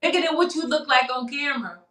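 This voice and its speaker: A woman's voice: high voice, quick pace, reverberant. A woman guest on a live-streamed interview, talking openly and animatedly about her path. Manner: animated, warm-hearted, calls people baby. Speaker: guest, talk show host and coach. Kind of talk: casual interview conversation.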